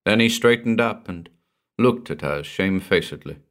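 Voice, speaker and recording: A man narrating a horror story for an audiobook in a dramatic, expressive storytelling manner. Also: low-pitched, moderate pace.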